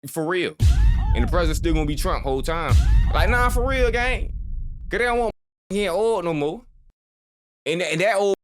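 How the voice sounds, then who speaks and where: A man's voice: high voice, normal speed, long pauses, faint music behind. A man hosting a reaction video, ranting casually and calling his listener "gang" and "boy" again and again. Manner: animated, mock-scolding.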